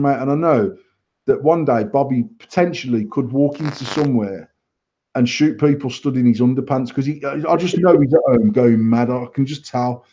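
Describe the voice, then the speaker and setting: A man, co-hosting a casual podcast and swearing freely while telling animated stories about online arguments. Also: medium pitch, highs cut off. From England. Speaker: podcast co-host. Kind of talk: casual banter, storytelling.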